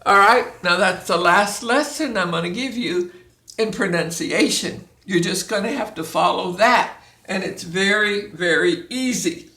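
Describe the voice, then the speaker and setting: Slow, bright-voiced woman teaching. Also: medium pitch. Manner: deliberate, drawn-out, demonstrating sounds. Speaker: Spanish teacher. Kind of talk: slow, patient classroom instruction. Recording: echoey room.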